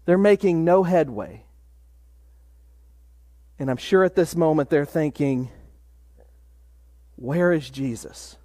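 Male pastor, high voice, measured sermon delivery, hushes for emphasis. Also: no echo, clean studio sound. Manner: measured preaching, drops to a hush for emphasis.

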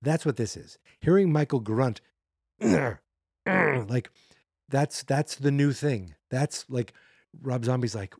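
A man's voice: medium pitch, lively intonation, takes it slowly, vocal fry, a little mellow, slightly rough, no echo, clean studio sound. A man hosting a podcast, recapping a movie in a sarcastic, exasperated, rambling way. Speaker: podcast host. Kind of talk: casual movie recap and rant.

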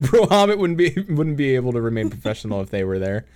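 A man's voice: medium pitch, big pitch swings, fast talker, darkish tone, smooth. A man from the United States hosting a casual podcast chat, joking and laughing often, with plenty of restarts. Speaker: podcast host.

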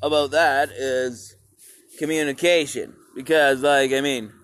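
A man's voice: medium pitch, fairly even intonation, unhurried, a bit bright. A man hosting a casual solo podcast outdoors, rambling and swearing freely as he talks to his listeners. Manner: rambling and profane, addresses listeners as "peoples". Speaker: podcast host.

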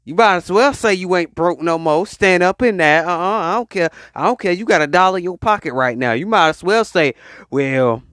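A man preaches to his podcast audience, urging them to say it with him. His voice sits fairly high and swings widely in pitch. The recording is dry and close. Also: expressive, a bit bright, no room sound. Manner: call-and-response exhortation, drawn-out hype. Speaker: podcast host. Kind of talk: motivational preaching monologue.

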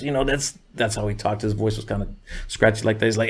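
A man's voice: mid-range voice, steady tone, quick pace, fairly bright tone. Laid-back, cursing man telling stories. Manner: laid-back, profane, full of "you know what I mean". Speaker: guest, music producer. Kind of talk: casual storytelling.

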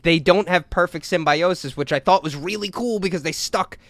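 A man co-hosting a podcast in casual chat, excited and loose, swearing often and restarting his sentences. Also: high-pitched, moderate pace, no echo. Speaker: podcast co-host.

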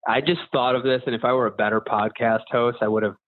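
A man's voice: mid-range voice, steady tone, quick pace. A man hosting a podcast, asking friendly, rambling questions in a casual interview. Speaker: podcast host. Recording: tinny phone-like audio.

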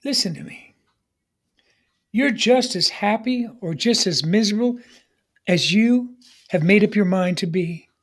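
A folksy preacher in full sermon, stretching key lines slowly and urging the crowd to say them back. The voice swings between soft, hushed asides and louder bursts, and at times it drifts away from the mic. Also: mid-range voice, lively intonation. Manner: call-and-response, urging the congregation to repeat lines; folksy, humorous storytelling.

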